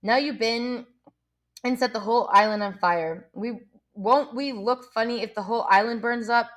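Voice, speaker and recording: Indignant anxious schoolboy, pitched up, scolding, read by a woman. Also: moderate pace, natural voice. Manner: scolding, breathless.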